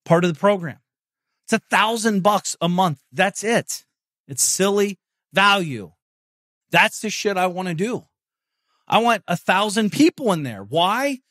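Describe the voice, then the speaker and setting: A man's voice: high voice, very animated, measured pace, a bit bright, dry recording, clean studio sound. A man hosting his own podcast, talking in a brash, profane, salesy pep-talk monologue. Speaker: podcast host. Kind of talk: casual motivational monologue.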